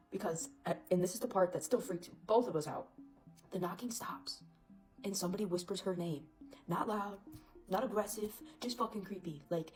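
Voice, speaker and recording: A woman casually telling a scary story, chatty and animated, with lots of fillers. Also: mid-range voice, fast talker, faint music behind, low-quality recording.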